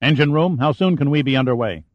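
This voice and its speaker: A man's voice: medium pitch, fast, dry recording, close to an everyday voice. A man voicing a stern, barking Navy commander. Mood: commanding. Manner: clipped commands, raised and forceful. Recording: dull, dry audiobook recording.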